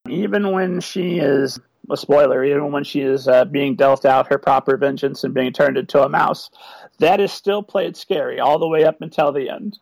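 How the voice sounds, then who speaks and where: Creaky-voiced man, eager podcast guest. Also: on the high side, normal speed, darkish tone, no echo, low-quality recording. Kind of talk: enthusiastic interview answers.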